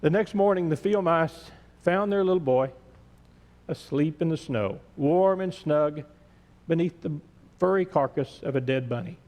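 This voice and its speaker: A male pastor reading a story aloud in a church sermon, gentle and measured. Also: a little high. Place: large church sanctuary. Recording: echoey church sanctuary.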